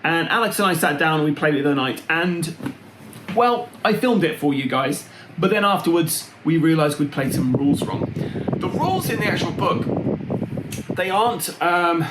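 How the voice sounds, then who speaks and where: Chatty man over loud fan hum. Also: on the high side, animated, moderate pace, roomy sound. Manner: chatty and meandering. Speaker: board game channel host. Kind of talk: casual vlog chat. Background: loud fan noise.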